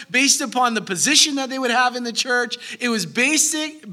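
A man in his thirties preaching a sermon as pastor, animated, breaking into acted asides. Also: very high-pitched.

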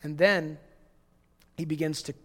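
A man's voice: fairly high pitch, steady tone, a little slow, big-room sound. A man preaching a sermon as a pastor, conversational and storytelling, often repeating words.

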